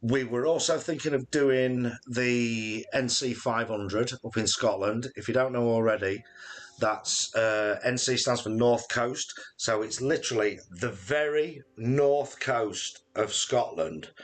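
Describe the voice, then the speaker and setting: This slow, medium-pitched voice belongs to a man in his late forties who co-hosts a channel's live Q&A stream. He jokes and rambles, filling his talk with lots of fillers.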